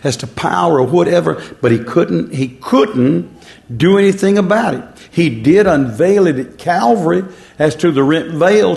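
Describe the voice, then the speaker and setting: A man's voice: high-pitched, gravelly, a little mellow. A man preaching a sermon in a folksy, repetitive way, drawing out words for emphasis.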